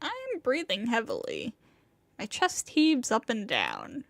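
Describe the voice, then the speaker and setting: Bewildered young man narrating his own story, voiced by a woman, slow and high. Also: huge pitch swings, vocal fry, no echo, full character voice. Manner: bewildered, rambling inner monologue. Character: flustered young male student narrator.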